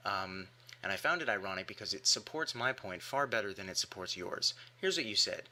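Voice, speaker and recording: A man's voice: fairly low pitch, lively intonation, fairly quick, bright, forceful tone. A man delivering an argumentative rebuttal monologue with emphatic rhetorical questions. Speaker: atheist commentator.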